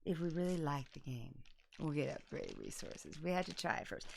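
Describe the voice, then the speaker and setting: A woman's voice: sits low, big pitch swings, moderate pace, gravelly, darkish tone, slight background noise. A woman in her fifties hosting a casual board game unboxing, joking bawdily and laughing often. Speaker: host.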